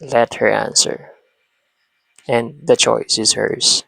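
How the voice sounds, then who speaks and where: Man, slow parenting-talk host, gravelly husky voice, dry close mic. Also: mid-range voice, fairly even intonation, sharp tone, no room sound, poor audio. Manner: talks to himself, pauses and restarts. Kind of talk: slow reflective monologue.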